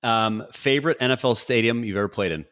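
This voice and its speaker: A man's voice: medium pitch, fairly bright tone. Upbeat jokey male podcast host. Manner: upbeat, jokey, quick quiz questions. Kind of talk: casual interview talk.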